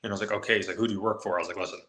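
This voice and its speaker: Man, guest storyteller, eager and quick, bright tone, echoey room. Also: sits low. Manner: excited, fast anecdote-telling with acted quotes. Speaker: guest MMA reporter. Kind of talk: animated storytelling on a live show.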